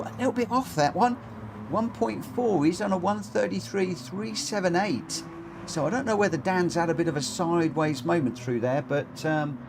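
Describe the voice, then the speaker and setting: A man hosting and commentating online racing in a chatty, excitable, jokey way over a live stream. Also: on the high side. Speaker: race commentator and lobby host. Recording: game audio noise behind.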